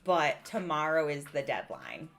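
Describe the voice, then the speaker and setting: A woman's voice: sits low, huge pitch swings, unhurried, gravelly, fairly bright tone, soft background music. A woman playing in a tabletop game, talking in character in a joking, rambling way. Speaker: player.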